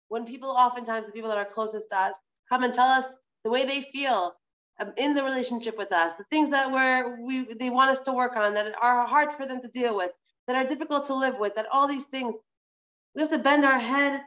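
Woman Torah teacher on a video call: animated, emphatic, slightly high voice. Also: a little fast, highs cut off. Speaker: Torah teacher and motivational speaker. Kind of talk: online Torah class.

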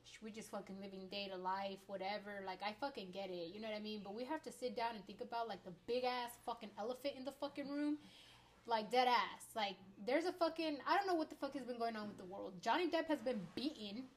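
A woman's voice: medium pitch, fast, a little hiss or hum. A woman in her twenties ranting to her viewers in a rambling, heated, heavily profane way. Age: 20s. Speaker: vlogger. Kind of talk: ranting opinion vlog.

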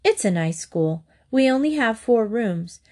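A woman voicing a friendly, lively schoolgirl in a storybook reading, cheerful and a little bossy. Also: on the high side, a little slow.

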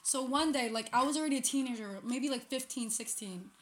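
A young woman in easy podcast chatter, her voice bright and set a touch high. She rambles with plenty of fillers and laughs often. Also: brisk. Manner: laughing, rambling with many likes. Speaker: podcast co-host. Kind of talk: casual chat.

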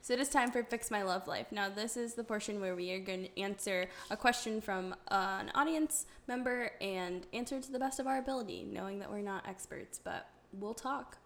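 A woman's voice: mid-range voice, fairly quick, few pauses, a bit bright. A woman hosting a casual podcast, upbeat as she leads the segments. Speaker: podcast host.

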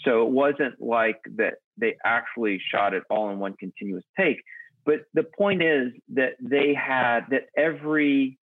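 A man's voice: mid-range voice, unhurried, no room sound. A man speaking as a podcast guest, thoughtful and often restarting his phrases. His voice comes through a tinny, phone-like line, dry with no room sound. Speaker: guest, film professional. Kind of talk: casual podcast conversation.

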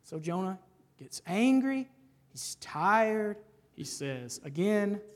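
A man preaching a sermon in a conversational, animated way, often checking in with his listeners and rising to stress points. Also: high-pitched, takes it slowly. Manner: conversational, frequent "right?" asides. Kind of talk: expository sermon.

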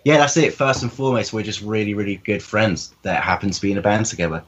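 Low, husky man in a band. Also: fast, highs cut off. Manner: hesitant, repeats words, warm about friends. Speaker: band member. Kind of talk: casual interview chat.

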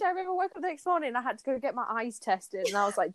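Bubbly young woman with a lively high voice. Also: racing, hardly any pauses. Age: young adult. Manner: bubbly, swears and acts out quotes. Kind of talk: casual chat among friends.

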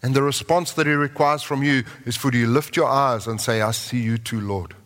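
A man preaching a sermon in a large church hall, moving between impassioned lines and soft, prayerful tones. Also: mid-range voice, steady tone, a little fast. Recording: long reverb of a large hall.

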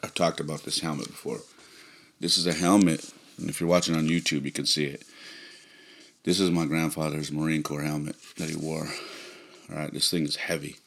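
A man's voice: flat delivery, a little fast, pauses often, fairly bright tone. A man hosting a podcast, telling a personal family story in a rambling, casual way full of fillers. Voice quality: very deep, gravelly. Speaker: podcast host.

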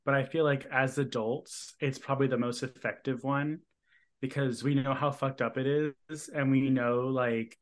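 A man's voice: mid-range voice, steady tone, normal speed. A man co-hosting a podcast, chatting in a casual, reflective way. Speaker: podcast co-host. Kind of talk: casual chat.

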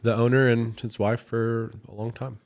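A man's voice: medium pitch, flat delivery, normal speed, a little mellow. A man co-hosting a podcast, telling a long story in casual chat with lots of fillers and restarts. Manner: rambling storyteller with many fillers. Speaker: podcast co-host.

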